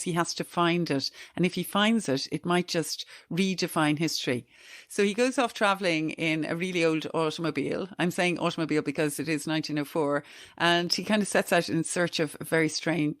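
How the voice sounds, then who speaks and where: A woman's voice: on the low side, no echo, studio quality. A woman hosting a book podcast, eagerly recommending a novel. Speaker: podcast host. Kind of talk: casual book chat.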